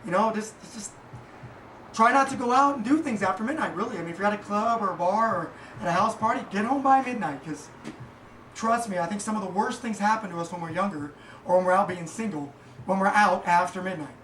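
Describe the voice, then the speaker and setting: A man giving a casual motivational monologue as a podcast host, rambling and halting with many fillers. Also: sits high, a bit bright. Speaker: podcast host and small business owner. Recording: echoey room, distant mic, faint noise.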